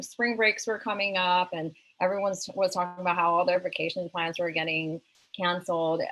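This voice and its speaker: Slightly low-voiced woman, halting panelist. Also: a bit bright, poor audio. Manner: hesitant, many ums, conversational. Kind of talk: webinar panel discussion.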